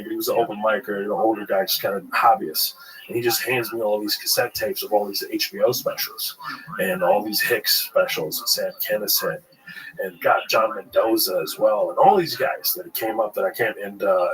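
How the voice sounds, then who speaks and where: A man in casual interview talk, telling his life story as a stand-up comedian, animated and profane, originally from Kuwait. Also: poor audio. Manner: animated storyteller, jumps high when acting out his younger self. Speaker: guest comedian.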